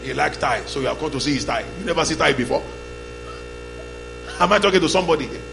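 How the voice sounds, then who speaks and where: Male pastor, raised gravelly voice, call-and-response sermon, music underneath. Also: fairly high pitch, lively intonation, fast talker, rough recording. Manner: call-and-response, shouting bursts. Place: church hall. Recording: loud music and mains hum behind.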